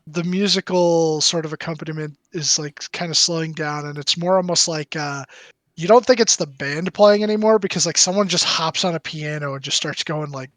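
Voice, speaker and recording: A man's voice: on the high side, a bit bright, no room sound. A man narrating as game master of a tabletop game, rambling with lots of fillers and restarts.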